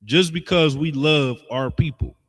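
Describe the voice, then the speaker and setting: A man's voice: a little high, a little slow, fairly bright tone, long reverb tail. A man teaching a religious lesson in a blunt, scolding, emphatic way, with slangy asides. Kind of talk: street-style preaching lesson.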